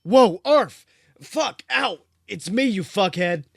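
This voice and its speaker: A man's voice: high voice, lively intonation, slow pace, creaky, slightly rough, dry recording, clean studio sound, voice pushed up, full character voice. A man voicing a small, hotheaded, foul-mouthed male corgi who barks between words. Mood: brash.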